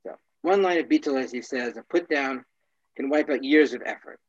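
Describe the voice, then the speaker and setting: A man teaching a casual class, wry and joking, often clearing his throat. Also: mid-range voice, moderate pace, dull audio.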